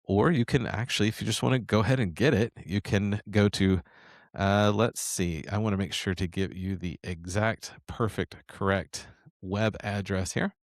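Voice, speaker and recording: Guy sales coach, lowish voice, excited and rambly, dry close mic. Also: normal speed, dry recording. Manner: enthusiastic, rambling with many restarts. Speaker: sales coach and show host. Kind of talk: casual sales coaching talk.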